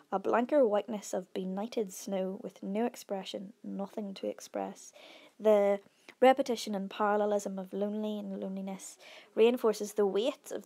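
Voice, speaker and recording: A woman teacher talking through a poem line by line in a measured, explanatory way, with fillers and small restarts. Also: medium pitch, gravelly, a little mellow. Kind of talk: analysing a poem on a whiteboard recording.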